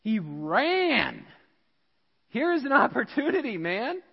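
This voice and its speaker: An American man preaching a sermon as pastor, animated and acting out characters in dialogue. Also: extremely high pitch, slow pace, gravelly, breathy edge, big-room sound, dull audio. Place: church.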